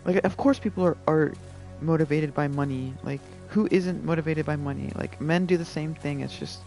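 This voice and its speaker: His voice is a little high and a little mellow, with vocal fry, at normal speed. He's a gaming streamer doing casual live commentary over game music, rambling in a laid-back way and leaning on "like" and "you know."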